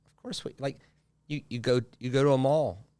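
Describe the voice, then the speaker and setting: A man's voice: medium pitch, normal speed, mellow, clean tone, no echo. A man, a guest pastor, talking in a casual podcast conversation, telling stories with lots of repeated phrases for effect.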